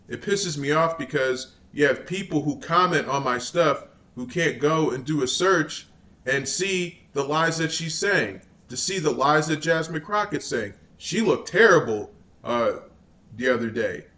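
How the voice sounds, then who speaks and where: A man's voice: medium pitch, fairly bright tone. A man hosting political commentary, ranting in an exasperated, scornful and rambling way.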